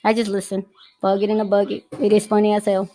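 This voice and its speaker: A woman's voice: medium pitch, monotone, fast talker, dark tone, poor audio. Brash, laughing woman livestream host. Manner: brash, profane, laughs often. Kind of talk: casual chat. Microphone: streaming setup.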